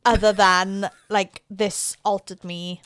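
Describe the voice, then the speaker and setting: A woman's voice: mid-range voice, level tone, takes it slowly, fairly bright tone, no echo. Woman gushing about stuff on a casual livestream, tons of "like", dry close mic. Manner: gushing, lots of filler "like". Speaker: podcast co-host.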